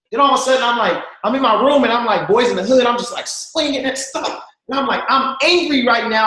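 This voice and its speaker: A man in his thirties telling jokey, slangy stories to a team on a video call and talking straight to his listeners. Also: high-pitched. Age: 30s. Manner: lively, slangy, jokey, addresses listeners directly. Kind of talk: animated storytelling to a group. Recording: echoey room over a video call.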